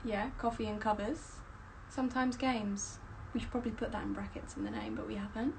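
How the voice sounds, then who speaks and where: A woman's voice: fairly high pitch, steady tone, brisk, background noise. A young woman, a stage performer, rambling chattily with lots of fillers on a casual live stream.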